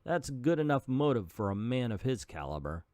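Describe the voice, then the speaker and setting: An earnest, steady hero archer laying out the solution to a case, as a man reads him from a comic. The voice moves lively up and down and sounds close and dry, with no room around it. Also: mid-range voice, normal speed, no room sound, close to an everyday voice. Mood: explaining. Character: steady heroic male archer crimefighter.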